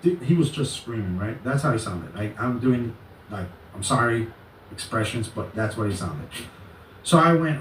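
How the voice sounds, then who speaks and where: A man's voice: lowish voice, moderate pace. Rambling man ranting in an echoey room. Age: adult. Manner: rambling, animated storytelling, profane. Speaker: channel host. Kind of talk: casual vlog rant. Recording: echoey, distant mic, faint noise.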